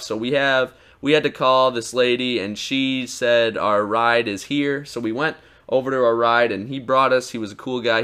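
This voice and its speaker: A teenage boy telling an excited, rambling story about his experience, full of restarts and quoted dialogue. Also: mid-range voice. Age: teens. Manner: excited, rambling retelling with many likes and restarts. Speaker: YouTuber. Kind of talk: casual storytelling vlog.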